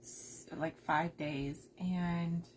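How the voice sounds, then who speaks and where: A woman hosting a casual crafting live stream, talking softly and keeping her voice down while unwell with a migraine, chatting to viewers as she goes. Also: on the low side, fairly even intonation, drawn-out words, slight background noise. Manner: soft-spoken, keeps her voice down, chatty asides to viewers.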